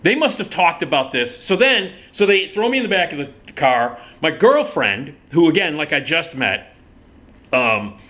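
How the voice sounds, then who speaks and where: A middle-aged man casually telling a personal story, animated and swearing freely, acting out the people in it. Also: fairly high pitch, measured pace. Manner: animated, acts out the cop and himself in quoted voices.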